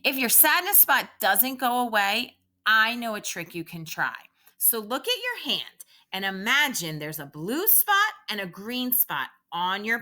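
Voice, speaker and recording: Slow, lively-voiced woman reading to children. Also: mid-range voice. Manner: slow, sing-song guiding of a calming exercise. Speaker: teacher reading aloud to children. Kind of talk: read-aloud lesson for young children.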